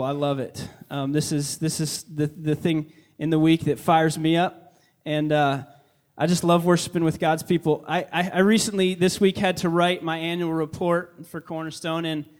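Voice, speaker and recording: A young man leading worship in church, welcoming the congregation and telling an earnest, excited story with frequent restarts. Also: on the high side. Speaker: worship leader. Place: church sanctuary.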